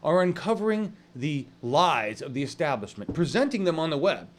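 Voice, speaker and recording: Man, online news host, casual stream talk, a bit high-pitched, halting and rambling. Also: sing-song, slight background noise. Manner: rambling, halting, many fillers, greets viewers from the chat.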